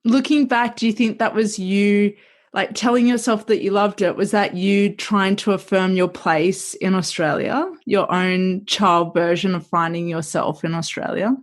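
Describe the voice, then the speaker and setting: A woman's voice: mid-range voice, steady tone, unhurried. A woman podcast host asking a guest thoughtful, reflective questions in an encouraging way. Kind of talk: interviewing.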